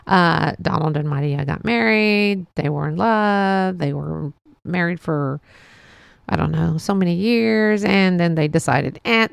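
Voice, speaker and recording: A woman hosts her podcast and tells a story slowly and unhurriedly, drifting from point to point with fillers and restarts. Her voice is a little low and has a gravelly edge. The recording is close and dry, with no room sound. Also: dry recording. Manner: meandering, with many fillers and restarts. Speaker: podcast host. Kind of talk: casual storytelling monologue.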